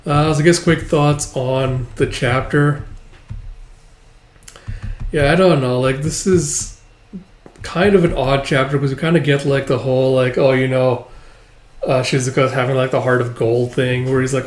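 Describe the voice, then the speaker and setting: A man's voice: mid-range voice, steady tone, moderate pace, pauses often. A man casually recapping a manga chapter aloud, rambling and loose, saying "like" often. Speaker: manga reader and reviewer. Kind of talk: casual read-through recap. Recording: echoey room.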